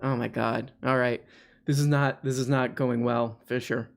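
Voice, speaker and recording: A man with a medium-pitched, fairly flat voice and some vocal fry talks at a moderate pace. He hosts a live call-in stream, rambling and joking with callers, his casual chat packed with "like" and restarts.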